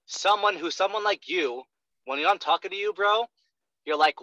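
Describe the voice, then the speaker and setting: A young man coaches a sales trainee in a blunt, profane rush, hammering each point and checking in with "right?" again and again. His voice sits a little high and very bright, and the dry, close sound comes through a dull lo-fi recording. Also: normal speed, no room sound. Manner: profane, emphatic, keeps asking "right?". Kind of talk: blunt one-on-one coaching talk.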